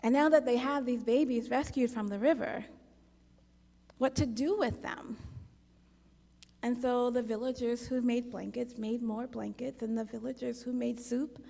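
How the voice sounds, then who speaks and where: Slow high-voiced woman telling a parable. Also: fairly even intonation, gravelly, mellow. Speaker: worship leader. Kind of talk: parable storytelling in a service. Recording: long hall reverb.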